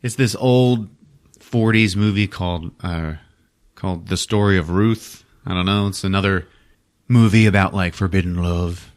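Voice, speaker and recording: A man casually recapping a film for a podcast, swearing often, laughing and acting out quick character bits. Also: sits low. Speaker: podcast host.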